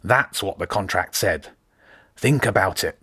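A smooth, self-assured rat who talks his way past anyone, put on by a male narrator. He speaks in a persuasive, easy manner, a touch higher than the reader's own low voice. The sound is close and dry. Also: lively intonation, a little slow, sharp tone, no room sound, exaggerated voice. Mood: scheming. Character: smooth confident male rat mercenary leader.

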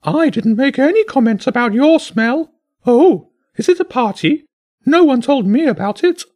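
A man's voice: very high-pitched, expressive, moderate pace, darkish tone, voice pushed up. A man voicing a pompous, chatty male bird in a storybook reading, fussy and prim in manner. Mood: fussy, delighted.

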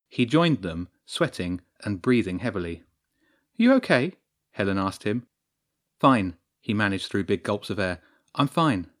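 A man narrating a story in a steady storytelling voice. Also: fairly low pitch. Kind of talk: scripted narration.

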